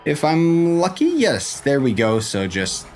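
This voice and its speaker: A man's voice: on the high side, huge pitch swings, unhurried, a little mellow, faint music behind. A young man joking his way through a casual gameplay tutorial, rambling and poking fun at himself as he goes. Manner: joking, self-mocking, rambling asides. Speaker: game guide creator. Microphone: desk microphone.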